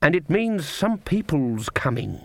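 A man voicing a grim, knowing voodoo cook woman who speaks in a slow, drawling, rolling growl. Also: fairly high pitch, very animated, creaky, fairly bright tone, no room sound, clean studio sound, voice pushed up, heavily acted.

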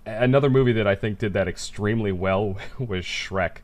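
A man's voice: on the low side, a little fast. A young man co-hosting a casual chat, talking in stumbling restarts and swearing freely.

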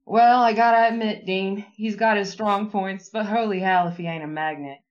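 A woman's voice: mid-range voice, fairly even intonation, normal speed, lo-fi sound, natural voice. A woman doing a drawling Louisiana vampire guy. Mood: wry. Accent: attempted Louisiana. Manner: self-conscious put-on drawl. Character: drawling Southern male vampire, gruff and wry.

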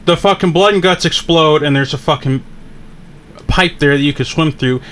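A man co-hosting a podcast in casual, profane chat, talking with animated frustration. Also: fairly high pitch, moderate pace, smooth. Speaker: podcast co-host.

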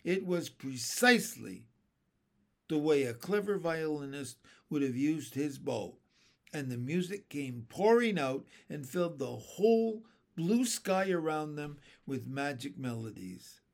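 A man reads a children's storybook aloud in an expressive, unhurried way. His voice is gravelly with plenty of rise and fall. The pace is slow. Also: on the high side. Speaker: narrator.

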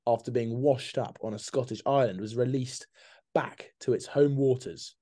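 Jokey man, mellow voice. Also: mid-range voice, steady tone, moderate pace. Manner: jokey, laughs often, says "mate" a lot, quizzes his co-host. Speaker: podcast co-host. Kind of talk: casual chat.

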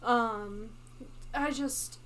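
A woman's voice: on the high side, drawn-out words, fairly bright tone. A young woman co-hosting a casual podcast chat, telling a story in a chatty way and laughing easily. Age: young adult. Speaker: podcast co-host.

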